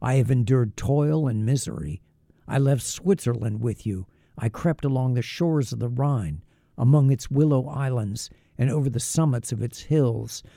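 A man voicing a gravelly, bitter made creature. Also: mid-range voice, mellow, no echo, studio quality. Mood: accusing. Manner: menacing, accusing, slow and heavy. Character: wretched, bitter male creature made by a scientist. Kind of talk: audiobook reading.

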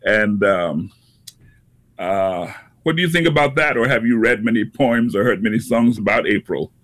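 A man hosting a casual poetry talk, pausing often with many fillers. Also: fairly low pitch, fairly bright tone. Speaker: radio poetry show host. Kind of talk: casual chat.

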